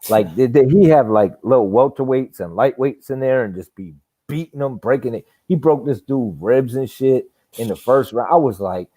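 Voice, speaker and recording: A man hosting a live boxing chat, telling animated, profane stories and acting out punches with sound effects. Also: mid-range voice, moderate pace, few pauses, no room sound. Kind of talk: casual storytelling chat.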